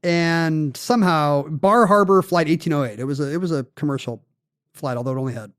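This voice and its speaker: A man co-hosting a podcast, telling a story in casual chat with quick asides. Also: fairly high pitch, no room sound, clean studio sound. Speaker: podcast co-host.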